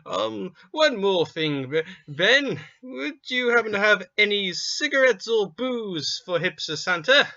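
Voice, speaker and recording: A man voicing a pompous, posh hipster Santa who speaks in a drawn-out, affected way, heard over muffled lo-fi audio. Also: very high voice, bright, forceful tone, clear, resonant tone, no echo. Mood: haughty. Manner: haughty, affected, drawn-out delivery.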